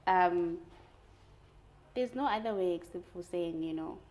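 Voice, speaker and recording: A young woman talking candidly in a casual conversation, telling her stories in an animated way and laughing often. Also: lowish voice, a little slow, poor audio. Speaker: guest.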